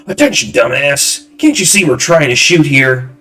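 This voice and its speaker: A man voicing a loud, arrogant male film director who shouts and talks down to people. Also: on the low side, lively intonation, a little fast, soft background music. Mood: brash, condescending. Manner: shouting, condescending, brash.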